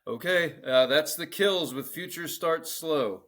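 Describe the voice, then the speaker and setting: A man's voice: fairly high pitch, a little slow, fairly bright tone. A man co-hosting a podcast in casual chat, joking crudely as he reads out a song list. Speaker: podcast co-host.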